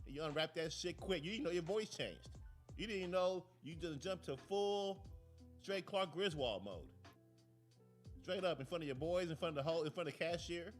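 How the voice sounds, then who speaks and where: A man's voice: on the high side, normal speed, soft background music. A man hosting a talk show, ranting and telling stories in a casual, profane, digressive way from a studio. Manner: animated, profane, digressive storytelling. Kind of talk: casual rant and commentary.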